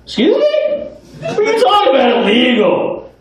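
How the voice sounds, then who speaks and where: A man playing a ninety-year-old man who answers a police officer with fast, squealing mock outrage. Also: wildly swooping pitch, full character voice. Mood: feigned outrage. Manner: high squealing outrage, rapid-fire. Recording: echoey bar, far mic, noisy.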